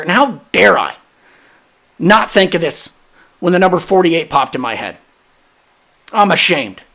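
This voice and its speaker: A young adult man hosting a solo sports podcast, brash and hyped, trash-talking rival fans. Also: high-pitched. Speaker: podcast host.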